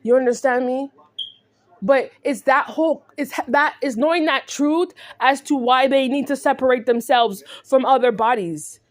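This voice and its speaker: Speaking at normal speed in a high voice, a vlogger from California confronts the camera in an angry rant. She repeats herself and keeps asking "right?" over and over.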